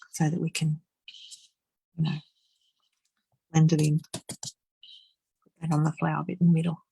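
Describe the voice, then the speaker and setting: A woman's voice: low-pitched, flat delivery, moderate pace, gravelly, pauses often, warm tone, a little hiss or hum, low-quality recording. A woman doing a live card-making demonstration, chatting and laughing as she works and murmuring to herself. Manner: chatty, giggly, murmurs to herself while working.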